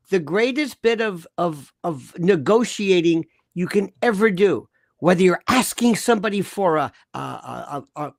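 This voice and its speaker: A man's voice: sits high, vocal fry, dry recording, clean studio sound. A man, a former prosecutor, giving heated legal commentary in an emphatic, repetitive way. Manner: animated, emphatic, repeats himself.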